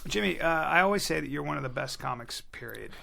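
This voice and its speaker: A man's voice: fairly high pitch, animated, quick pace, creaky, pushed and bright. A man hosting a podcast in casual chat, enthusiastic and playful with his guest. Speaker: podcast host.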